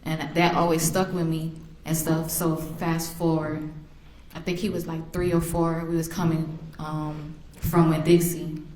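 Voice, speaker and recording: The victim's mother speaks in a deep, darkish voice, flat and measured, delivering an emotional victim impact statement. She relives memories and imitates remembered voices, her words echoing through the courtroom.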